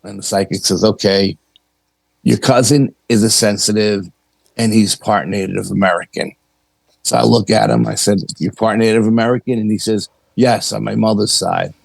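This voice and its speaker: Gravelly low-voiced man telling a story. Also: fairly even intonation, normal speed, no echo, rough recording. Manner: chatty anecdotal telling, acts out quoted dialogue, frequent "you know". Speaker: paranormal investigator, podcast guest. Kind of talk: casual storytelling.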